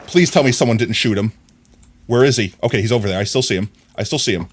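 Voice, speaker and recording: A man streaming a video game live, talking to himself in excited, frantic bursts as he plays. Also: lowish voice, fast, slight background noise. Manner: excitable, frantic, talks to himself while playing. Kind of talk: live gameplay commentary.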